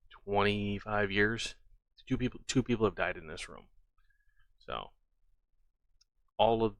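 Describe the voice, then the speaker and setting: A man's voice: lowish voice, pushed and bright, no room sound. A man earnestly recounting odd events at home and commenting, often repeating himself. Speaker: channel host. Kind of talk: casual storytelling and commentary.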